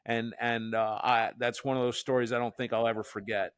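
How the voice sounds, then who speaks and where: A man hosting a podcast, telling a story in a casual, animated way, with frequent restarts and acted-out quotes. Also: mid-range voice, brisk, smooth, dry recording. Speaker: podcast host.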